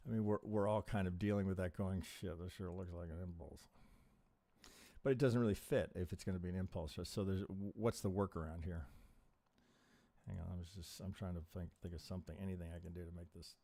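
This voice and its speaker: This low-pitched, dark-toned trading analyst talks fast with fairly even intonation during his live stream chart review. He mutters, asks himself rhetorical questions, and curses quietly in frustration.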